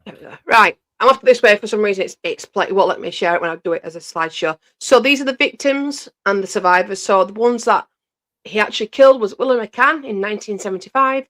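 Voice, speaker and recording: A woman's voice: mid-range voice, fast, fairly bright tone. A woman co-hosting a podcast, reading names and years aloud in a matter-of-fact way. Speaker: podcast co-host.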